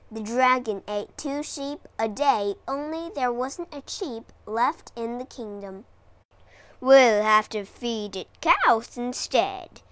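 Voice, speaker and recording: A woman reads a children's storybook aloud, very slowly and with dramatic expression. Her voice sits fairly high and rises and falls a lot. She narrates each phrase with care for learners. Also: no room sound.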